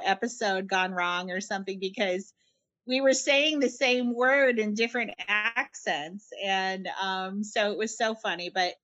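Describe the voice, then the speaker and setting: A middle-aged woman from Canada, a writer being interviewed, talking in a chatty, animated way with frequent laughs and restarted phrases. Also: medium pitch. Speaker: guest, writer. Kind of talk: conversational interview answers.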